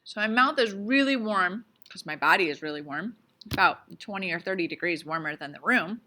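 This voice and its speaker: A woman's voice: fairly low pitch, animated, brisk, pushed and bright, a little hiss or hum. A woman teaching a casual science lesson on video, playful and chatty, asking lots of questions and sometimes talking with her mouth full. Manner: talks with her mouth full while eating.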